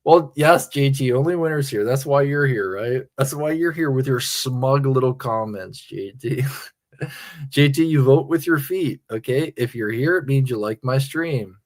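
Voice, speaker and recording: Man, tipsy, crude, meandering livestream talk, mid pitch. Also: measured pace. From Pennsylvania. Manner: meandering, crude, self-interrupting. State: tipsy from drinking. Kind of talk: rambling casual livestream chat.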